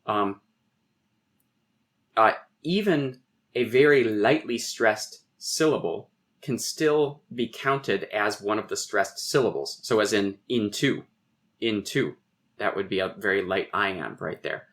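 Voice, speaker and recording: A man's voice: on the low side, unhurried, a bit bright. A man, a poet and philosopher, explaining poetic meter in a thoughtful, professorial way with frequent restarts. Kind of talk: conversational lecture on poetic meter.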